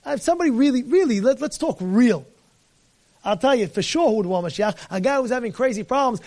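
Male rabbi, very high voice, dramatic sermon delivery, acts out dialogue, mixes in Hebrew and Yiddish terms. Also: lively intonation, fast, a little mellow. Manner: dramatic storytelling, acts out dialogue, rhetorical questions. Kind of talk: animated sermon.

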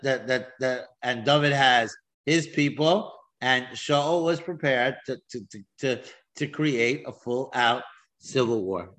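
Guy teaching a text class, stops and restarts a lot, mid-pitched voice. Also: fairly bright tone. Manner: halting, many restarts and fillers, reads Hebrew verses then explains. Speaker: Torah teacher. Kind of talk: informal text study class.

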